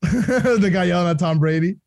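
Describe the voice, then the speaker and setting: Excitable young man, mellow dry voice. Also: sits high, moderate pace, no room sound. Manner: excitable, rambling, laughs often. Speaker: podcast co-host. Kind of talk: casual sports podcast chat.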